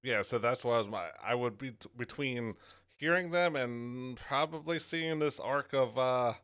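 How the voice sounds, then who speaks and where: A man playing in a tabletop game, halting and searching for words. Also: medium pitch, a bit bright, smooth. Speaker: player. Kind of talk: casual game chat.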